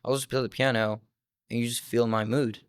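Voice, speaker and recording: A man's voice: medium pitch, level tone, fairly quick, clean tone, no echo, clean studio sound. A young man in his twenties, a musician from France whose first language is French, telling stories in a loose, rambling interview chat full of fillers. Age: 20s. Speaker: musician guest.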